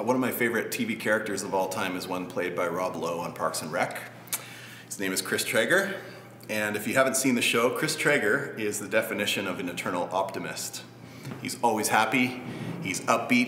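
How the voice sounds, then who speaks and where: A man preaching a sermon in a relaxed, conversational way with light humor. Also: fairly low pitch, echoey room, slight background noise. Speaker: pastor.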